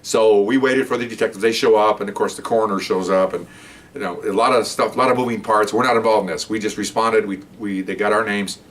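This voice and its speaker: Older ex-cop telling a story, halting. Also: male voice, on the low side, fairly even intonation, a bit bright, recorded from a distance. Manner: rambling, halting, with many restarts and fillers. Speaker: retired police officer telling stories. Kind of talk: casual storytelling to camera.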